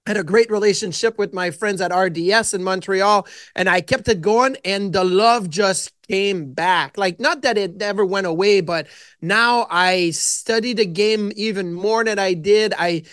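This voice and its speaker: Animated man, high voice. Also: unhurried, smooth, no room sound, studio quality. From Quebec, Canada. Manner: animated anecdotes with frequent restarts. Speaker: guest, former goaltender. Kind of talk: casual storytelling interview.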